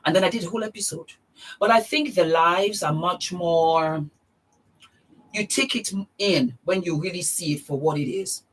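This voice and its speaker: A woman's voice: lowish voice, a little slow, breathy edge, poor audio. A middle-aged woman vlogging a casual beauty product demonstration, gushing and exuberant, repeating her words of praise.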